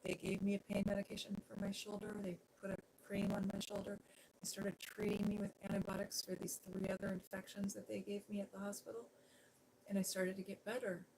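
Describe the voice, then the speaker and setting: Female livestream host, mid-range voice, soft-spoken and sincere, slipping into near-whispers. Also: mid-range voice, monotone, fairly quick, vocal fry, background noise. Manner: soft, gentle, earnest delivery; drops to a near-whisper at times. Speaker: Christian ASMR livestream host. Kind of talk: softly spoken personal testimony on a livestream.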